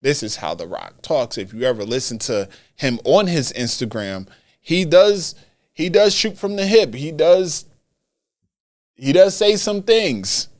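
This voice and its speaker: A man hosting a solo wrestling commentary podcast, talking in an animated way and repeating phrases for emphasis. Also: fairly high pitch, a little slow. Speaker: podcast host.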